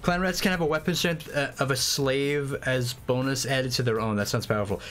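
A man livestreaming a strategy game, chatting casually and excitably with frequent swearing and rambling asides. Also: mid-range voice, a little fast. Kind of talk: casual gameplay commentary. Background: faint game music.

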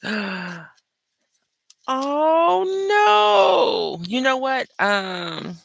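A woman's voice: low voice, gravelly, dry recording. A middle-aged woman, chatting and telling stories while she makes jewelry for her craft video. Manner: chatty storyteller, animated and joking. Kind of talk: casual chat while crafting.

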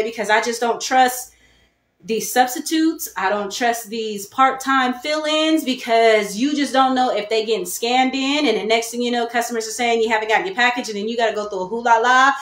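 A woman hosting a live online jewelry sale in a chatty, animated way, repeating key phrases and calling her viewers y'all. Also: on the high side. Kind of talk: casual live-stream sales talk. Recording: echoey room.

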